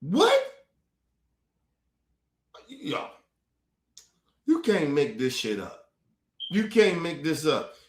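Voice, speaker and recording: Guy going off on a profane stream rant, lively swinging voice, echoey room. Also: a little high, slow, pauses often. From United States. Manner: profane, fired-up, repetitive. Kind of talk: heated commentary rant. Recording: roomy echo.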